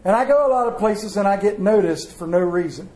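A man's voice: high-pitched, lively intonation, fairly quick, a little mellow, reverberant, rough recording. A man preaching a sermon in a folksy storytelling way, acting out the voices in his stories. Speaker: pastor. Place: church.

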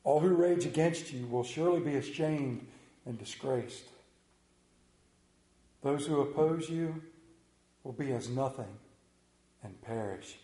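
A man preaching a sermon in a church, pausing for effect and dropping to a hushed voice on key words. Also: medium pitch. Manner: dramatic pauses, drops to a hushed voice on key words. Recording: echoey room.

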